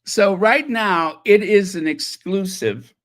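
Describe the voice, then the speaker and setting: A man's voice: high-pitched, expressive, takes it slowly, fairly bright tone. A man hosting a casual livestream, chatting and reacting to viewer messages with many fillers. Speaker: channel host.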